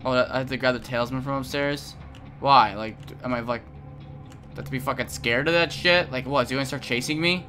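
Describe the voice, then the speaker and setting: A young woman streaming a game, giving casual commentary with lots of swearing and sudden shouts. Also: a bass voice, a little fast, a little hiss or hum. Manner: profane, excitable, frequent shouting.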